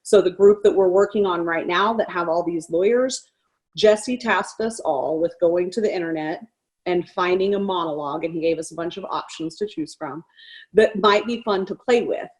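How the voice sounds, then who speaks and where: A woman, a lawyer in a trial skills workshop, explaining her practice in a thoughtful, measured way. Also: fairly low pitch, a little mellow. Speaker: workshop participant, defense lawyer.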